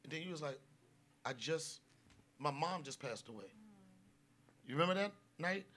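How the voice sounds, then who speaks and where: A man hosting a live comedy podcast, telling stories loudly and with swearing, and dropping his voice low for serious moments. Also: expressive, moderate pace. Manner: loud, profane storytelling, drops low for serious moments. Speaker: podcast host.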